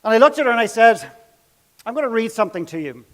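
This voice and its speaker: A man with a high-pitched voice tells a story from one of his sessions. He acts out what each person said, and he drops his voice low and soft at the tense moments. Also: very animated, fast. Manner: dramatic, acts out quotes, drops to hushed tones. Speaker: speaker telling a workshop story. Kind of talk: storytelling talk.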